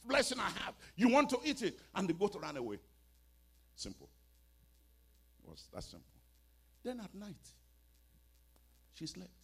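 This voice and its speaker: Preacher guy, husky high voice, dramatic storytelling, hushed then loud. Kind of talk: storytelling sermon.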